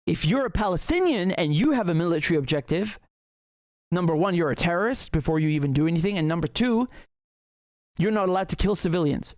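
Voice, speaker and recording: A man with a somewhat high voice delivers fired-up solo commentary in a dry, close-sounding recording. He speaks with indignation and biting sarcasm, repeating himself and restarting sentences as he pushes his point. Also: animated, quick pace, a little mellow, dry recording. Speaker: political commentator.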